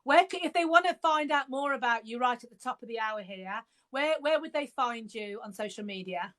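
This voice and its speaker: Hosting a podcast interview live by video call, this woman from England talks briskly in a bright, expressive voice on the high side. She is bubbly and chatty, laughing a lot and now and then leaving a sentence unfinished.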